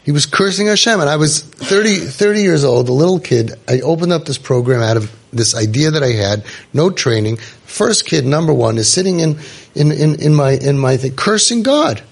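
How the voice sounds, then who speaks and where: A man's voice: on the high side, animated, normal speed, creaky, husky. A middle-aged man gives an emphatic, storytelling inspirational talk, acting out the voices he quotes. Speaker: youth program founder and speaker.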